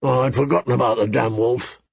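A man reading an audiobook, voicing a gruff and irritable king who grumbles and blusters. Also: mid-range voice, fairly even intonation, a little fast, no room sound.

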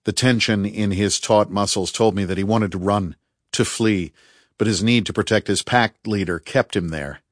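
Man, audiobook narrator, first-person fiction, low voice, dry close recording, tense measured delivery. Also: dry recording.

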